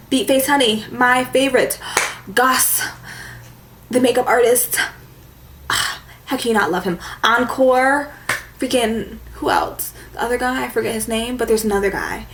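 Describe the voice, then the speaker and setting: A woman's voice: on the high side, a bit bright, a little hiss or hum. A young woman chatting casually to camera as a beauty vlogger, with a valley-girl lilt and lots of "like". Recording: echoey room with faint ambience.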